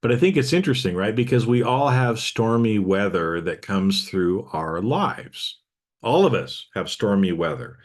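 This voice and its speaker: Middle-aged male podcast host, somewhat low voice, easygoing reflective talk that keeps checking in with listeners. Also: lively intonation, moderate pace. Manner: conversational, frequent "okay?" check-ins with listeners. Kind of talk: casual reflective podcast monologue.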